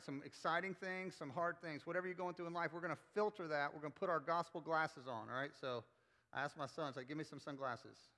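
Male pastor, bright forceful voice, slightly high, chatty sermon with crowd call-and-response. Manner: conversational, playful, leads crowd call-and-response. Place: church auditorium with congregation.

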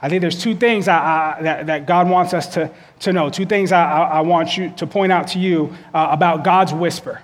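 High-voiced man preaching a relaxed sermon. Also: normal speed, hardly any pauses. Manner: casual, repeats words, often checks in with "okay?". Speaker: pastor. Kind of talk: conversational sermon.

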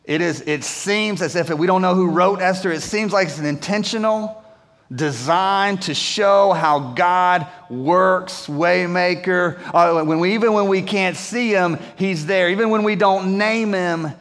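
A male pastor tells a story from the pulpit in a casual, slangy way. His voice sits fairly high. A long reverb from a large church hall hangs on his words. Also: measured pace, a bit bright. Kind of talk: sermon.

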